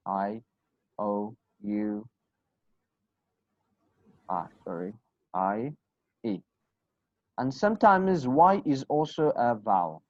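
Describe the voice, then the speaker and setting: Slow, deliberate male English teacher. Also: medium pitch, no echo. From Kurdistan. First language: Kurdish. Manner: slow, drills words aloud, asks and answers his own questions. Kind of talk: online English lesson. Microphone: video call. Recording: dull lo-fi call audio, dry.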